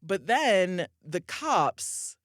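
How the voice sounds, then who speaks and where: A woman on a podcast tells a story with animated, comic energy, leaning on "like" and breaking into quick laughs. Her pitch swoops widely from phrase to phrase. The sound is close and dry, with no room around it. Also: dry recording. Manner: lively, peppered with "like", laughs mid-sentence. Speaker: podcast guest. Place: podcast studio.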